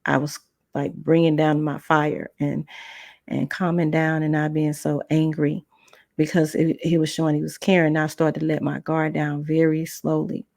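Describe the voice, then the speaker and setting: A woman's voice: sits low, completely flat delivery, moderate pace, gravelly, a little mellow, dry recording, clean studio sound. A woman podcast host telling a personal story in a conversational way, acting out the dialogue of the people in it. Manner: conversational, acts out dialogue in voices.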